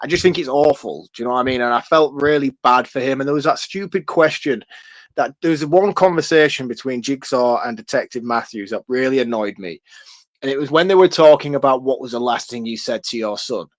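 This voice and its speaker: A man's voice: medium pitch, brisk, no room sound. A man, chatting casually and animatedly as a podcast co-host, laughing and swearing freely. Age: 30s. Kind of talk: casual film-review chat.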